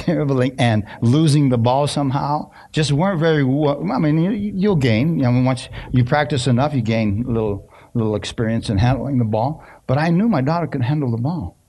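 A middle-aged pastor preaching a sermon in a conversational, storytelling way, often asking the congregation questions. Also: male voice, mid-range voice, mellow, husky. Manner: conversational, asks the congregation questions, many restarts. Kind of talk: sermon with personal stories.

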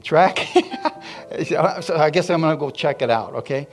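Animated pastor, a man telling stories. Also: a little high, moderate pace, faint music behind. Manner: animated, calls out to the congregation. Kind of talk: sermon storytelling.

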